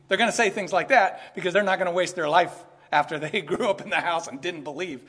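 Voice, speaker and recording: A man preaching an expository sermon in a lively way, often laughing and acting out quoted voices. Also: sits high, quick pace, hardly any pauses, slightly rough. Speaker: pastor.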